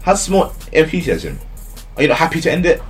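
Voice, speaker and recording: A man co-hosting and editing a podcast in casual chat, teasing and quick to get excited. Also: fairly high pitch, soft background music. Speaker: podcast co-host and editor.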